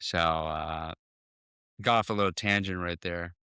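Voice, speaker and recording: A man, a dentist, speaking as a guest in a casual podcast interview, talking quickly with many restarts and acting out conversations with patients. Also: deep voice, steady tone, sharp tone, clear, resonant tone, no echo, clean studio sound. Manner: fast, full of restarts, acts out patient talks.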